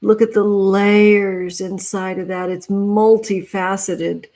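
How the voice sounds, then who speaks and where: Speaking slowly in a mellow, level, medium-pitched voice, this woman runs an outdoor livestream in her backyard. She's a tarot reader who dotes on her audience, tenderly addressing them as sweetheart and honey.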